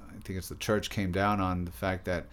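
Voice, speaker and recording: A man, a poet and artist, talking haltingly about his work in an interview. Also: low voice, little pitch movement, a bit bright. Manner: halting, many restarts. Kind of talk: casual interview talk.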